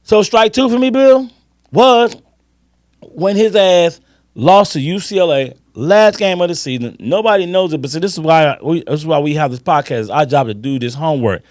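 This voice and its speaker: Animated man in his fifties. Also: a little high, no room sound, clean studio sound. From Chicago. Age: 50s. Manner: emphatic, swearing, drawn-out storytelling. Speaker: podcast co-host. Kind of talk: casual sports chat.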